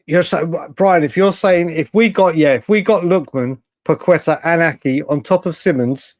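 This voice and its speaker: Guy live-streaming late at night, excitable, reading chat comments, dead dry sound. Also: on the high side, moderate pace, no echo. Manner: chatty, reads out viewer comments, excitable. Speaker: livestream host.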